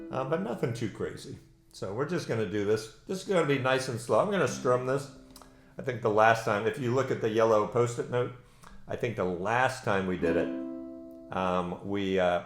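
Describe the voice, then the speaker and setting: A man hosting a live online ukulele lesson, chatty and encouraging, with many ums and uhs. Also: medium pitch. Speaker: ukulele teacher and host. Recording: roomy echo with ukulele playing.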